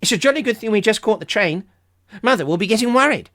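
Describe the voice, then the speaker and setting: A storyteller voicing a headstrong tomboy girl who speaks briskly and firmly. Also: mid-range voice, animated, a bit bright, voice pushed up. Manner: brisk, firm. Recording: hissy home recording.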